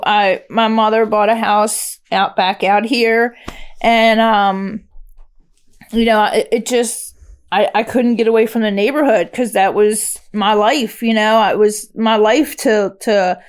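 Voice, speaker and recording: A woman with a fairly high voice tells her own recovery story in a halting, candid way. She restarts often and leans on fillers. The delivery is unscripted and personal. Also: smooth. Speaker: guest sharing recovery story.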